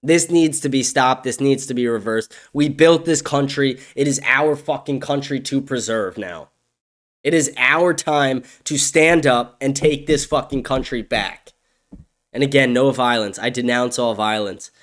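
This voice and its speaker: Young guy ranting on his own podcast, mid-pitched voice, cussing constantly, gets loud then drops to a mutter. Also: unhurried. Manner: angry, profane, swings between shouting and low muttering. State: agitated. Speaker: podcast host. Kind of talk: solo opinion rant.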